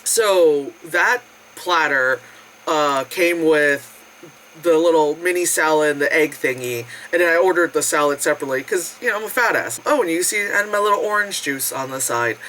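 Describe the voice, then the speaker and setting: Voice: normal speed, rough recording. Vlogger rambling about food, jumpy voice doing little impressions, laughs a lot, bit of hiss behind. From United States. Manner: animated, acts out quotes with big pitch jumps, frequent laughs and swearing. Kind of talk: casual storytelling food vlog.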